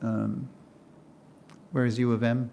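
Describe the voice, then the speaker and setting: An older man lecturing to a class, telling a story in an animated way, acting out quotes and laughing often. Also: medium pitch, slow pace, creaky, slight background noise.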